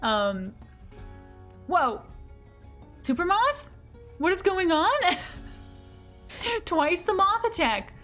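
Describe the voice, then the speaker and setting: A woman's voice: very high-pitched, very animated, extremely slow, pauses often, fairly bright tone, faint music behind. A woman streaming a game, chatting casually with her viewers in a bubbly, giggly manner. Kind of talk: casual live-stream chat while gaming.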